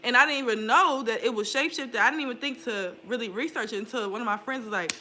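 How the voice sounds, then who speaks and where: A woman's voice: a little high, quick pace, sharp tone, slight background noise. A young woman talking candidly in a casual vlog, swearing freely and laughing often. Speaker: spiritual vlogger. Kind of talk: casual confessional chat.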